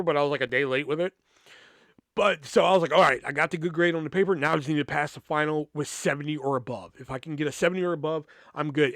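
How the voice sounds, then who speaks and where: Animated, profane young man telling a story. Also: a little high, dry recording, studio quality. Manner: profane, animated, acts out quoted exchanges. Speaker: podcast host. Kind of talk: casual storytelling.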